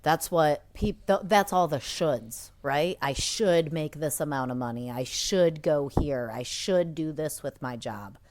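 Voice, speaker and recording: This is a woman with a notably low-pitched voice hosting a casual podcast chat. She talks things through in a reflective way and leans on everyday examples to make her point. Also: measured pace, hardly any pauses, a little mellow. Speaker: podcast co-host.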